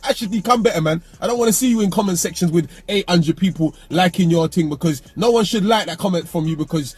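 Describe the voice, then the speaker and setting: A man's voice: high-pitched, fast talker, breathy edge. A man speaking bluntly and brashly in a heated casual discussion, swearing and often raising his voice. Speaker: panelist.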